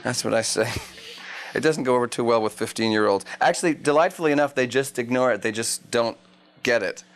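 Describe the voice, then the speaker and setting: A man's voice: medium pitch, brisk. A man in his thirties, an actor answering interview questions in a wry, rambling way, often restarting his sentences. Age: 30s. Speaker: actor interviewed at a press junket.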